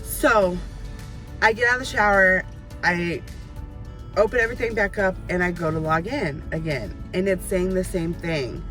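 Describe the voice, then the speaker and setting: A woman in her thirties, a vlogger, telling a story in an animated, ranting way with casual chat. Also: lowish voice, normal speed, faint music behind.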